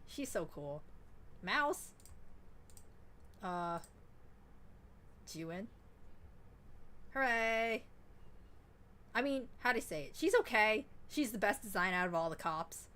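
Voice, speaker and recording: A woman streamer chatting casually while playing a game, excitable and rambling, swearing freely. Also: medium pitch, slow pace, pauses often. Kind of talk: casual gaming stream chat.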